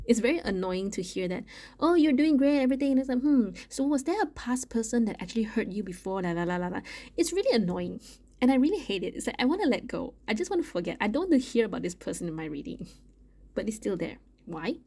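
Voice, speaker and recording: A woman talks through a tarot card reading in a casual, chatty way. Her voice is mellow and warm, sitting at an ordinary middle pitch. She thinks aloud, often restarting her sentences. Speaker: tarot reader.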